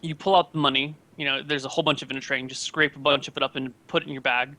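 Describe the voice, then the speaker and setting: A man narrating as game master in a tabletop game, casual and halting with many fillers. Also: mid-range voice, flat delivery, bright, forceful tone, dry recording.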